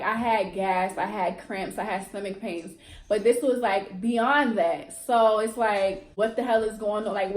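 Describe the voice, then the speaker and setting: A woman's voice: fairly high pitch, echoey room. A young woman vlogger, telling a dramatic storytime and acting out what people said. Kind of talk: storytime vlog.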